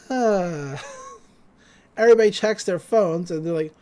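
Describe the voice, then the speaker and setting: A podcast co-host in casual chat, retelling an episode in an animated way and acting out the quoted lines. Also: medium pitch, takes it slowly, long pauses. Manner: loose, with frequent "like" and restarts.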